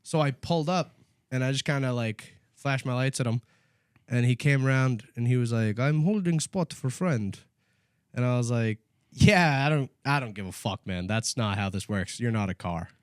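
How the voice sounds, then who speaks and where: A man co-hosting a casual comedy podcast, laughing often and shouting mock-angry bits as he tells stories. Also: mid-range voice, normal speed, clear, resonant tone, dry recording, clean studio sound. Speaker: podcast co-host.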